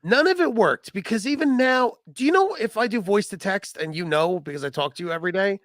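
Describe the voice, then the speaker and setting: A man's voice: high-pitched, expressive, brisk, a bit bright, dry recording, studio quality. A man in his forties co-hosting a retro gaming chat, joking and riffing on bits. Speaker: podcast co-host. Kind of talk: casual chat.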